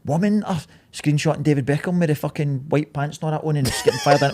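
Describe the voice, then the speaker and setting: A man's voice: fairly high pitch, quick pace, a little mellow, slight background noise. A man, a podcast guest chatting in a studio, blunt and sweary, ranting through his opinions. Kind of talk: casual chat.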